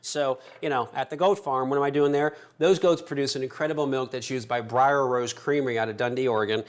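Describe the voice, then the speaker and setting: A man's voice: mid-range voice, fairly even intonation, quick pace, smooth. A man hosting a cooking show as the chef, chatty and upbeat, talking viewers through each step in a kitchen. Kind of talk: cooking demonstration.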